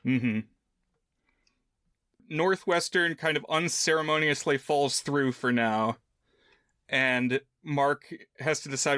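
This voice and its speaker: A man's voice: on the high side, fairly even intonation, slow, long pauses, sharp tone, clean tone, no echo, studio quality. A man co-hosting a film podcast, talking casually and thinking aloud with lots of fillers. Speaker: podcast co-host.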